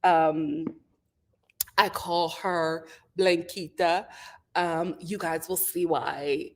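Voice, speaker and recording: A woman's voice: fairly low pitch, steady tone, drawn-out words. A woman hosting a casual live stream, reading out viewer comments and making dramatic, laughing outbursts. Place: home.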